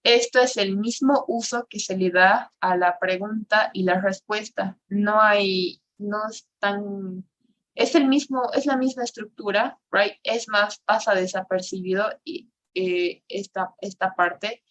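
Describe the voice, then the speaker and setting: A woman's voice: medium pitch, normal speed, a bit bright. Bilingual woman teaching English grammar. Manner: switches between English and Spanish, tags sentences with "right?". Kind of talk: online class explanation.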